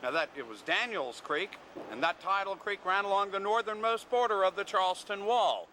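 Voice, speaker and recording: A man's voice: high voice, moderate pace, low-quality recording. A man from the American South giving a walking tour outdoors at a city market, wry and joking as he tells stories. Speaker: tour guide. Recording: loud outdoor street noise.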